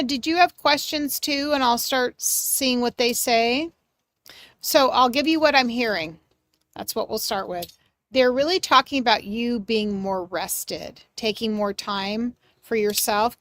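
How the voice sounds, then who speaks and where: A woman hosting a live mediumship reading for her chat, gentle and reassuring, searching for words with many pauses and fillers. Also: on the high side, no echo, studio quality. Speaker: medium and livestream host.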